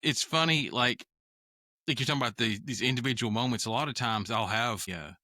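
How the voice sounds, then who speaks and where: A man's voice: mid-range voice, a little fast, pushed and bright, no echo. A man chatting casually on a podcast, telling anecdotes with easy laughter. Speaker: podcast co-host or guest. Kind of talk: casual chat.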